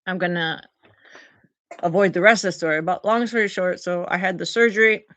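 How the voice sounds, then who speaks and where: A woman chatting on a live stream and thanking viewers for gifts. She is recovering from oral surgery and tells her story in an animated way, acting out the quotes. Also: on the low side, brisk, no room sound. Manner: animated storyteller, acts out quotes in big voices. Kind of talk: casual live-stream chat.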